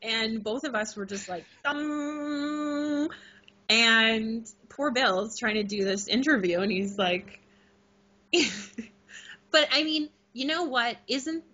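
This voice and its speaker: A middle-aged woman telling an excited story in a casual interview, laughing often. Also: fairly high pitch, slow. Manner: animated, laughing, gushing. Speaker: guest. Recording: muffled lo-fi recording.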